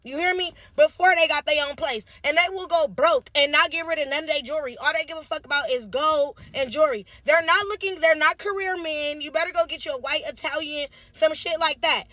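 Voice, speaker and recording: A woman's voice: high-pitched, a little fast, hardly any pauses, bright, forceful tone, no echo. A woman with a Los Angeles accent giving a brash, profane rant about dating. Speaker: tiktok creator.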